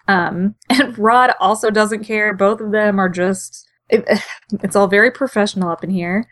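A woman co-hosting a casual chat, animated and quick to act out characters' lines. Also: mid-range voice. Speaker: podcast co-host.

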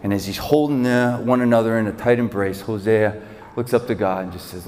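A man's voice: lowish voice, steady tone, brisk, a little mellow, a little hiss or hum. A man preaching as a pastor in a church, retelling a story dramatically and vividly with repeated phrases. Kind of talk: sermon storytelling. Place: church sanctuary. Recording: long church hall reverb.

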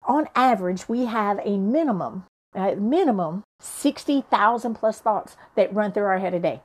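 A woman's voice: mid-range voice, lively intonation, normal speed. A middle-aged woman hosting a motivational podcast, preaching and swearing to her listeners in a fired-up way. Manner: fired-up, preachy, profane, talks straight to listeners. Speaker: podcast host.

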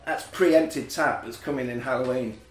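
A man, hosting a casual podcast and recapping a film with lively put-on voices for the characters. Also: medium pitch, moderate pace, roomy sound, faint music behind. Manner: animated, acts out film lines in put-on voices. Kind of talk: casual chat.

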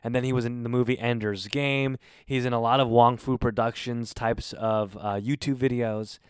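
A man's voice: mid-range voice, fairly even intonation, normal speed, clear, resonant tone, no echo, clean studio sound. A man hosting a casual podcast over a video call, rambling and swearing. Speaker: podcast host.

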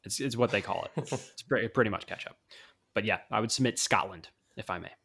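A man co-hosting a casual podcast on a video call, talking in a halting, playful way with lots of fillers. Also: lowish voice, creaky, bright, forceful tone, breathy edge. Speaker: podcast co-host.

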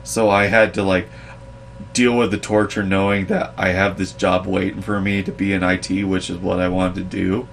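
A young adult man telling work stories in a casual chat, animated and laughing, acting out the voices of others. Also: sits low, moderate pace, vocal fry, slight background noise. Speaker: podcast co-host, storyteller.

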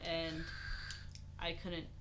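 A woman's voice: deep voice, completely flat delivery, very slow, fairly bright tone, slight background noise. A young woman in her twenties talking casually and earnestly, with frequent giggles. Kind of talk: casual chat.

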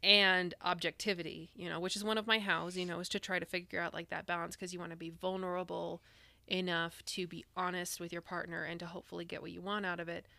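A woman's voice: fairly low pitch, flat delivery, quick pace, creaky, pushed and bright, no room sound. A young woman co-hosting a podcast, chatting casually and rambling with lots of "like"s and restarts. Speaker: podcast co-host. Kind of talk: casual chat.

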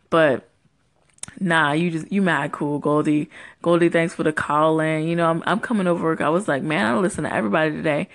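Woman caller, animated and slangy, gravelly tone. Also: sits low, brisk. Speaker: caller, fellow podcaster. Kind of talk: casual voice message.

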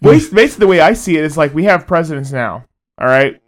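A man's voice: fairly high pitch, animated, quick pace. A man co-hosting a podcast, chatting casually, rambling and swearing a lot. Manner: rambling, profane, laughs often. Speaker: podcast co-host. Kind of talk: casual chat.

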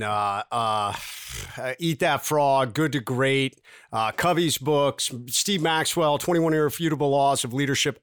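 A man's voice: a little high, a bit bright, dry recording, studio quality. A man co-hosting a casual podcast interview, talking bluntly and emphatically with some swearing. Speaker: podcast co-host.

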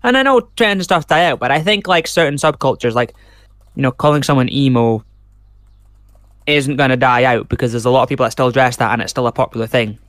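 A man's voice: mid-range voice, fairly quick, a bit bright, no room sound. A man hosting a casual true crime podcast, reading case details aloud and rambling into side comments. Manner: rambling, reads case notes aloud with chatty asides. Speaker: podcast host.

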